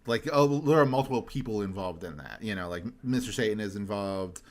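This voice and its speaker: A man's voice: fairly low pitch, a little fast. A young man hosting a podcast in casual chat, ranting animatedly and swearing for emphasis. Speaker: podcast host.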